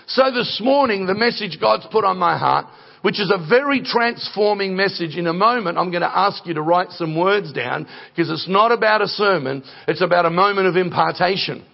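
A middle-aged guest preacher delivers a sermon, telling stories conversationally before building to emphatic points. His voice sits high, with vocal fry and a normal pace, and the sound is lo-fi.

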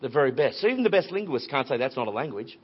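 A man preaching a sermon in a conversational, animated storytelling way with playful voices. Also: mid-range voice, rapid-fire, husky. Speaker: pastor. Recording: dull lo-fi recording.

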